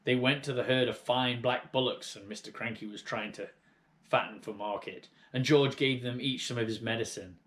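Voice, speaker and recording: A man reading a children's storybook aloud with lively, expressive narration. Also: medium pitch, normal speed, slight background noise. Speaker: audiobook reader.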